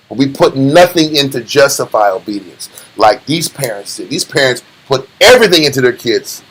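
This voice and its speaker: A man with a Southern US, Texas accent teaches a church study class informally, casual and streetwise with joking asides. His voice is medium-pitched and a bit bright, and the recording quality is low.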